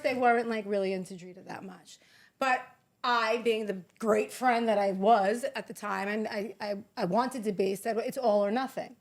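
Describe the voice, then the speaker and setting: A woman in casual chat, telling a story briskly, quoting what others said and swearing casually. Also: fairly high pitch. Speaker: podcast guest.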